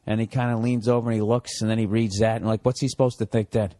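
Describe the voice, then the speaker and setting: A man's voice: lowish voice, flat delivery, quick pace, warm tone, dry recording. Profane sarcastic man, dry close mic. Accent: Boston. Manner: profane, sarcastic, answers his own questions. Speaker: podcast host. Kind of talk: solo comedic rant.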